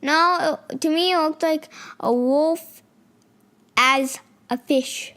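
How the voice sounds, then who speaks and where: A woman's voice: high voice, takes it slowly, fairly bright tone. A woman co-hosting a casual game podcast, reading game descriptions aloud, stumbling over names and teasing her co-host.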